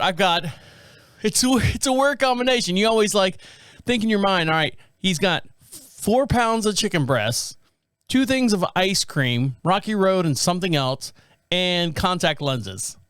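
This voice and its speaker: A middle-aged man with a high, smooth voice hosts his podcast and tells a long everyday story in a loose, rambling way. He acts out the people he met along the way. The sound is close and dry, with no room in it. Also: animated, unhurried, a bit bright, no echo. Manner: rambling anecdotal delivery, acts out quoted people. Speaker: podcast host. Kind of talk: casual storytelling monologue.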